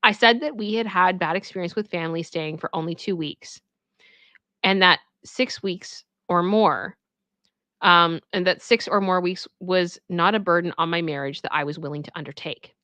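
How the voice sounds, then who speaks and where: A woman streams herself reading a story aloud for the first time. She keeps breaking in with animated, exclaiming reactions. Her voice is bright and forceful, and the sound is dry and close. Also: lowish voice, normal speed, dry recording. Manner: animated, exclaiming reactions between read passages.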